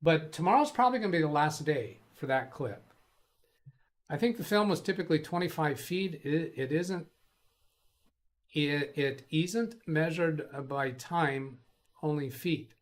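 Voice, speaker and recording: A man's voice: on the high side, expressive, measured pace. A man hosting a casual live stream, rambling as he reads chat messages aloud and answers them. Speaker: host of a live tech stream.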